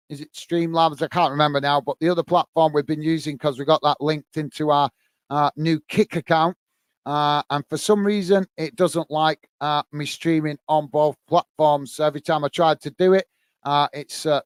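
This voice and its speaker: A man's voice: on the high side, clean tone, no room sound. A man hosting a live football watch-along, describing play and chatting with viewers, calling them mate. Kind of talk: live match commentary and chat with viewers.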